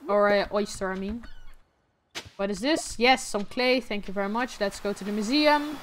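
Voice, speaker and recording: A woman's voice: medium pitch, moderate pace, slight background noise. A young woman streaming a game, keeping up a casual running commentary and often correcting herself. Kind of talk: casual gameplay chat.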